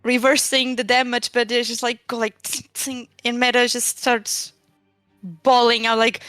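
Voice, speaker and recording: A woman's voice: on the high side, flat delivery, a little slow, fairly bright tone, no echo, soft background music. A woman playing a tabletop game and describing her character's actions in chatty speech full of fillers. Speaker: player. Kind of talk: casual tabletop role-play.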